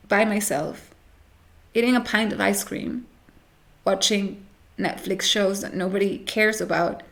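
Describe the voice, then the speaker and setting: A woman's voice: medium pitch, fairly bright tone. A woman vlogging to camera in casual chat, rambling with self-mocking, dramatic complaints.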